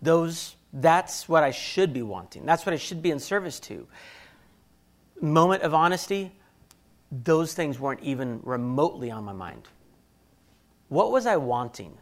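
A man's voice: a little high, lively intonation, measured pace, long pauses. Candid man telling a marriage story. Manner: candid, self-deprecating, acts out quoted thoughts. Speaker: speaker sharing a marriage story. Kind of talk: personal storytelling talk.

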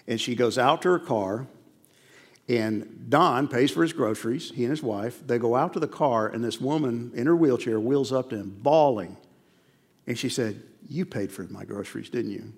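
In the long reverb of a large hall, a male pastor preaches with earnest emphasis, repeating key phrases and telling stories to drive his point home. His voice has a medium pitch and a normal speed.

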